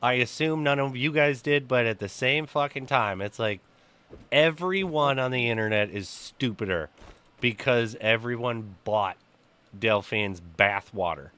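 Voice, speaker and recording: Young male gaming streamer, bright punchy voice, profane and lively. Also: mid-range voice, unhurried, clear, resonant tone. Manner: profane, animated storytelling. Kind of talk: casual stream chat.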